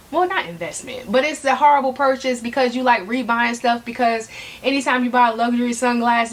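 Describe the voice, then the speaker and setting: Sassy woman vlogger, fairly high voice. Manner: sassy, animated, talks straight to viewers with frequent "okay?". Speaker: fashion vlogger. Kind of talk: casual chat to camera.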